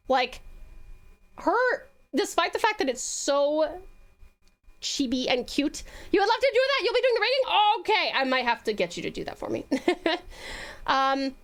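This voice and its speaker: A woman with an Australian accent chatting casually on a live stream, bubbly and gushing with lots of fillers. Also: high voice.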